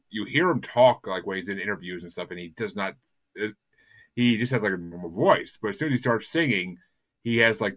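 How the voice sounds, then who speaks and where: A man's voice: deep voice, fairly bright tone, dry recording. A man hosting a music podcast in casual chat, rambling and enthusiastic, often stumbling over repeated words. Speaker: podcast host.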